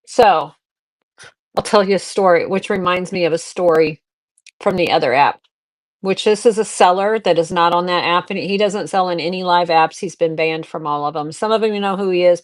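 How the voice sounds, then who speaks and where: A middle-aged woman hosting a live selling stream, chatting casually with viewers and rambling through personal anecdotes. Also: on the low side. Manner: rambling anecdotes, restarts and fillers, talks to viewers. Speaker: live-stream seller host.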